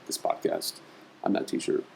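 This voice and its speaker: A man co-hosting a podcast in casual chat, teasing and supportive and quick to laugh. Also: darkish tone, a little hiss or hum, poor audio. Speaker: podcast co-host.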